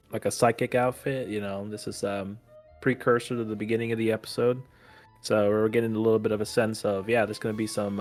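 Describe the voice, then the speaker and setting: Male co-host, low voice, halting recap with lots of fillers, faint music under. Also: darkish tone. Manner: halting, many fillers and restarts. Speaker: podcast co-host. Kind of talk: casual episode recap.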